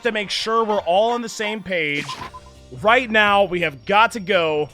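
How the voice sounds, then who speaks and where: A man's voice: high voice, measured pace, soft background music. A young man live-streaming a video game and talking to his chat, frantically exasperated one moment and deflated the next. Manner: frantic, swings from exasperated shouting to deflated mumbling.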